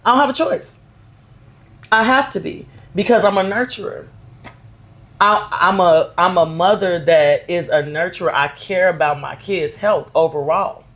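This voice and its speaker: A woman's voice: fairly low pitch, unhurried. Emphatic woman telling it straight. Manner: emphatic, candid, personal storytelling. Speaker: podcast co-host. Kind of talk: casual podcast chat.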